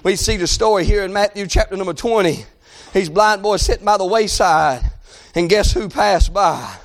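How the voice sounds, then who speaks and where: Male preacher, very high voice, fervent sermon delivery that swells into shouts, peppered with amens. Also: moderate pace. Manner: calls out "amen" and "hey" between phrases.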